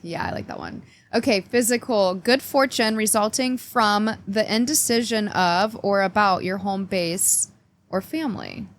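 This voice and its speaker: A woman's voice: medium pitch, a little slow, a little hiss or hum. A woman hosting a casual weekly astrology forecast, chatting playfully and cheekily straight to her viewers while reading oracle cards. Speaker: astrology reader and channel host.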